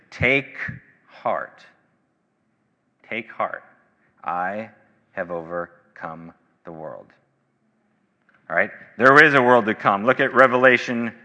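A man preaching a sermon as pastor, earnest and emphatic, swinging from loud declarations to quiet, low passages. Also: expressive, moderate pace, long pauses, long reverb tail. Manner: earnest, rising to emphatic bursts then dropping low.

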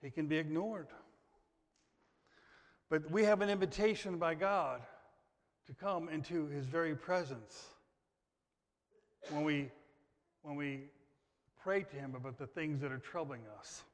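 A man from the United States preaching a sermon, emphatic, with repetition and sudden loud rises in his delivery. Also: on the high side, unhurried, pauses often. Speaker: pastor. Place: church sanctuary. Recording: long hall reverb.

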